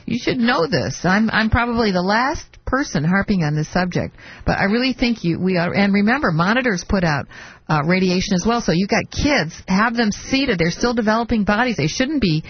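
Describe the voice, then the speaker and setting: A woman's voice: medium pitch, animated, normal speed, breathy edge, no echo. An opinionated woman hosts call-in talk radio and holds her ground against callers. Her voice is dry and close, with a dull, lo-fi broadcast sound. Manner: opinionated, firm, talks over callers. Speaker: radio talk show host. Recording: muffled lo-fi broadcast audio.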